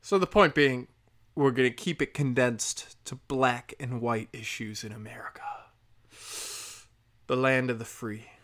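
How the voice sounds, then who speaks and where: A speaker in a profane comedic rant, sarcastic, swinging loud and high then low and muttered. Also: normal speed. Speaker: solo commentator.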